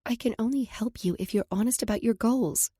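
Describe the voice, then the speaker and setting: A bubbly, teasing best friend in an audiobook romance, read by a woman, voiced higher and excitable, with a husky, mellow edge. The sound is dry and close. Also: brisk, no echo.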